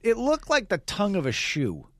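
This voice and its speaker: A man's voice: sits high, moderate pace, no room sound. A middle-aged man co-hosting a casual chat, telling stories with playful exaggeration. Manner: animated storyteller, playful exaggeration.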